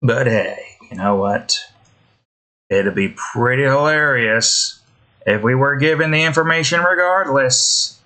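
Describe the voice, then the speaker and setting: Casting: a slow, bright-toned male game streamer, rambling and sweary, full of restarts. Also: medium pitch. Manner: rambling, self-interrupting, swears often. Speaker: game content creator. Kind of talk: gameplay commentary. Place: indoors.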